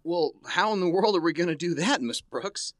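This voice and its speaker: A man's voice: sits high, expressive, normal speed, a bit bright, dry recording, clean studio sound. An actor playing a shy, awkward male teacher in a 1950s radio comedy, hesitant and fumbling. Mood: bashful.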